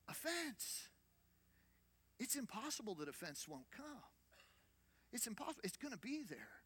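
A man's voice: high-pitched, sing-song, measured pace, pauses often, fairly bright tone, breathy edge. A man preaching as a senior pastor, conversational, with rhetorical questions and repeated phrases. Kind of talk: sermon.

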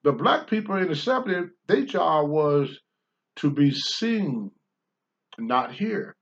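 Blunt older man preaching with lively pitch. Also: slow, lo-fi sound. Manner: blunt, preachy, swings from low mutters to loud outbursts. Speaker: podcast host, former wrestler. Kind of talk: candid talk-show commentary.

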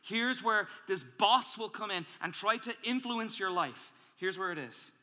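A male pastor preaching a sermon, animated and emphatic, acting out angry inner voices as he builds. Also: a little slow. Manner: animated, acts out angry inner voices, rises in pitch and volume when emphatic. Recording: hall reverb.

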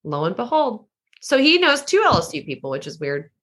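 A woman broadcaster chats easily as a podcast guest, with a bright, forward tone. She rambles a little and leans on "like" as she talks. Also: mid-range voice, wildly swooping pitch, a little fast. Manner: chatty, lots of "like" fillers. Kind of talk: casual podcast interview.

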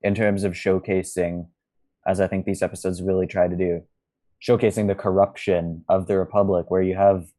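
A man co-hosting a podcast, speaking in a measured, thoughtful way with halting restarts. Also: low voice, flat delivery, warm tone. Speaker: podcast co-host. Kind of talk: casual podcast discussion.

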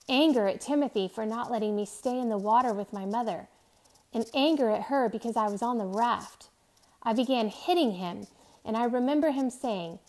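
A woman reads a novel aloud in a steady, measured way. Her voice sits fairly high and often drops soft. She keeps an even storytelling pace. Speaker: reader.

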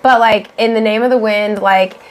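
A young woman co-hosting a casual podcast chat, gushing excitedly and swearing freely as she talks. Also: medium pitch, moderate pace. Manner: excitable, swears a lot, gushes and shouts when worked up. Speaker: podcast co-host.

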